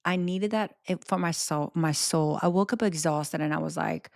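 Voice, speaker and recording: A woman's voice: low voice, fairly even intonation, normal speed, gravelly, few pauses, darkish tone, no room sound, studio quality. A young adult woman hosting a podcast, chatting candidly and casually about her life, swearing freely. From American South. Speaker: podcast host. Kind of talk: casual chat.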